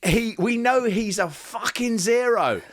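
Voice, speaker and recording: A man's voice: extremely high pitch, animated, unhurried. A man co-hosting a casual wrestling review, telling stories with acted quotes and plenty of swearing. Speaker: podcast co-host.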